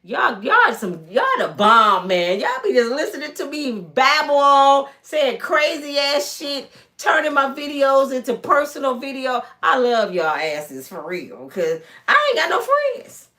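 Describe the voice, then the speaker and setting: A woman's voice: high-pitched, unhurried, hardly any pauses. A woman in her fifties casually telling stories to her live viewers from home, acting out the people in them. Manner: animated, acts out voices of people in her stories. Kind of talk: casual storytelling live stream.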